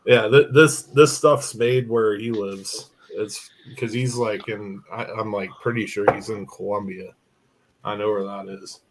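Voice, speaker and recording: A man's voice: fairly low pitch, steady tone, a little slow, slight background noise, rough recording. A man in casual chat, telling long, rambling stories full of swearing and fillers. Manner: rambling, profane storytelling with frequent fillers. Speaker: podcast host.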